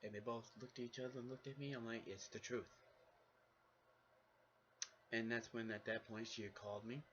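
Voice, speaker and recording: A young man vlogging casually, telling a personal story in an animated way and acting out what people said. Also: medium pitch, moderate pace, a little hiss or hum. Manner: animated, acts out the dialogue of people in his stories. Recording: dull lo-fi recording.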